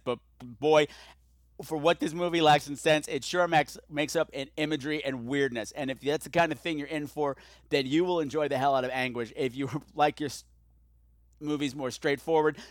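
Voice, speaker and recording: Guy rambling a movie review on his podcast, kinda high voice, dry close mic, gets worked up. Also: dry recording. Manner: rambling and excitable, swings between muttering and yelling. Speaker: podcast host. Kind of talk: casual solo movie review. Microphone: podcast microphone.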